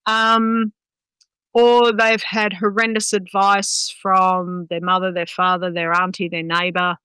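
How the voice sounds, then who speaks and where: A woman's voice: medium pitch, level tone, slow pace, bright, forceful tone, clean tone, no room sound, rough recording. A woman, a guest dog trainer talking bluntly and swearing freely in a casual podcast chat. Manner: blunt, sweary, talks with many "um"s.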